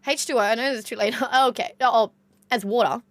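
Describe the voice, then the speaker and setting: A young woman with a broad Australian accent chats casually with her live-stream viewers. Her voice sits a little high. She swears now and then, and the sound is dry and close, with no room echo. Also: fast. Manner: chatty, swears casually, reads chat aloud.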